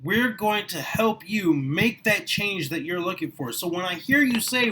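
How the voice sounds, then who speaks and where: A middle-aged man giving a passionate motivational talk to the camera, his voice rising and getting louder as he gets worked up. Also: high voice, lively intonation, measured pace, few pauses, background noise. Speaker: small business owner recruiting for network marketing. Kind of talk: motivational vlog monologue.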